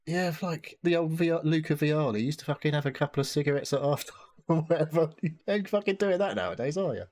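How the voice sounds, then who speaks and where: A man's voice: on the high side, lively intonation, fast, darkish tone. A man co-hosting a podcast, rambling through jokey, sweary casual chat. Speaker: podcast co-host.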